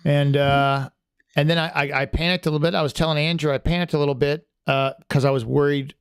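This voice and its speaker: A man's voice: a little high, steady tone, quick pace, clear, resonant tone, dry recording, studio quality. A man hosting a podcast in casual chat, rambling with many restarts and fillers in a friendly, chatty way. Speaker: podcast host.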